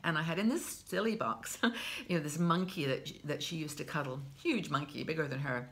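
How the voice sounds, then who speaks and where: A woman's voice: low-pitched, normal speed, fairly bright tone. A woman in her sixties giving casual, heartfelt advice to camera as a vlog host, chatty and open. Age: 60s. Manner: chatty and heartfelt, with frequent restarts.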